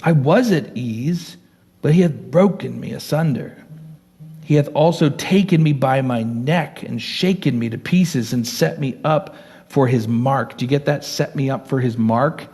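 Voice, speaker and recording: A man's voice: medium pitch, unhurried, a little mellow, slightly rough. A man preaching as a pastor, teaching verse by verse, reading scripture aloud and explaining it in an earnest, conversational way.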